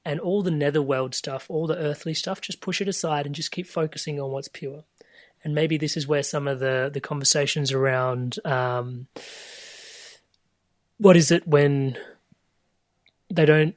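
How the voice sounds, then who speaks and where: A man talking as a podcast guest over a video call, reflective and searching, often restarting phrases and letting them trail off softly. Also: fairly high pitch, steady tone, a little slow, dry recording. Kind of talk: reflective conversational storytelling.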